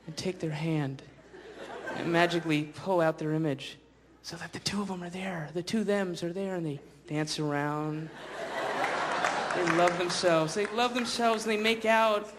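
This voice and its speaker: Brief: sardonic male stand-up comic, fairly high voice, noisy live crowd. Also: a little slow. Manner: rambling, sardonic, acts out voices. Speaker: stand-up comedian. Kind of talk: stand-up comedy. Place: theater stage before live audience.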